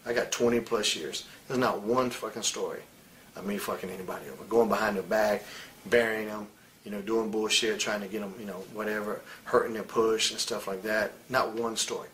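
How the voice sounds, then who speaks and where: This former wrestler, a man in his forties, speaks in a lowish, fairly bright voice at a brisk clip, keeping his intonation fairly even. He's an interview guest, swearing freely and telling stories with blunt heat. A faint hiss lingers in the background.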